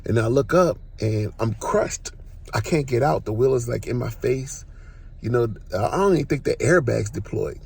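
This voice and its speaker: A man hosting a podcast, telling a personal testimony in a casual, animated way, full of slang and acted-out exclamations. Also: medium pitch, moderate pace, gravelly, husky. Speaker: podcast host.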